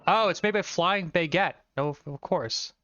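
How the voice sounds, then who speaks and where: A man's voice: high-pitched, moderate pace, pushed and bright. A young man chatting casually as he streams and plays an indie game. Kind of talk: casual gameplay commentary. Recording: slightly muffled mic with faint music.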